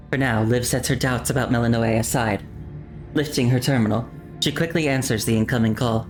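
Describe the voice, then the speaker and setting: A woman streamer narrating a game story aloud with slow, deliberate pacing and wry asides. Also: a bass voice, fairly even intonation, faint music behind. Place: home streaming setup.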